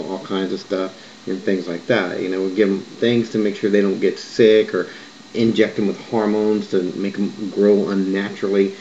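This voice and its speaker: Deep and darkish, this man's voice comes through a muffled lo-fi recording with slight background noise and faint ambience. He describes a vision at length, wandering into digressions and frequently backing up to correct himself.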